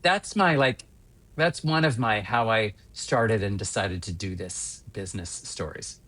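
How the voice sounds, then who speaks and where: A man in his fifties from Western Pennsylvania, a stage actor telling winding, animated anecdotes as a podcast guest. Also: lowish voice, a little slow. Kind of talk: casual interview storytelling.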